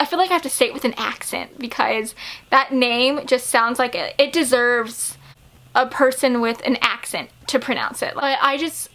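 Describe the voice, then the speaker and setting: A woman vlogger talks casually about books she loves, gushing and giggling as she goes. Her voice sits high and sounds bright and sharp. She often stumbles over fillers and restarts as she gets excited. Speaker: book vlogger. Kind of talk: casual chat to camera.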